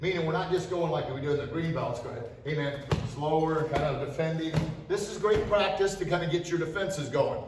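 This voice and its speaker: A man's voice: fairly high pitch, fast, far from the mic, background noise. Man teaching martial arts in echoey studio. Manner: explains while demonstrating, loud bursts on strikes. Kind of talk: demonstration lesson. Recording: echoey room, mic from afar.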